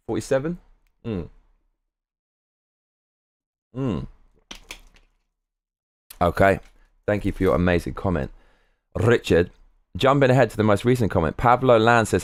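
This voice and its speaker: A man's voice: fairly low pitch, lively intonation, moderate pace, dry recording, studio quality. A man chatting on a live stream, candid and rambling, swearing freely. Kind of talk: casual live-stream chat.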